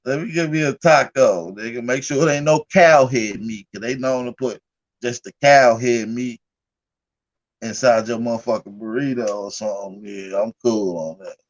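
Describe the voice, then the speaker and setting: A man's voice: medium pitch, moderate pace, lo-fi sound. A man hosting a casual livestream, telling stories in a loose, profane, laughing way. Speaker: livestream host.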